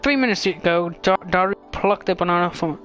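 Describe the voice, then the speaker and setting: A man streaming a story game and reading its lines aloud in a fairly high voice. He trips over words and restarts, throwing in quick jokes between the dialogue. Quiet game music plays in the background. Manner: stumbling over words, joking asides.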